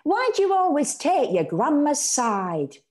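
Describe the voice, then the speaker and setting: A woman voicing a protective, excitable young working-class mother with a shrill, emphatic delivery. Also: unhurried. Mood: shrieking.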